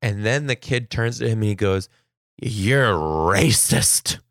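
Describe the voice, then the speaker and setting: A young adult man hosts a comedic podcast, talking in a lively, storytelling way and leaping up high whenever he quotes a child. His voice sits on the low side with a gravelly, fry-laden edge. The sound is dry and close, with no room around it. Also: brisk, no echo. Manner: animated, jumps into high-pitched voices for quoted kids. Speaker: podcast host.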